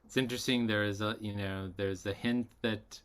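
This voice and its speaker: A man's voice: lowish voice, fairly even intonation, moderate pace, a bit bright, clear, resonant tone. A man co-hosting a podcast in casual chat, agreeable and easygoing, filling gaps with ums as he thinks. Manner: agreeable, many fillers and restarts. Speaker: podcast co-host.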